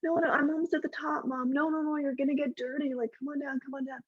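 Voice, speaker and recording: Woman playing a flustered young mom, pleading, sing-song, pitched up. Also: little pitch movement, fast, no echo, highs cut off, close to an everyday voice. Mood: coaxing. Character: flustered young mother coaxing a child.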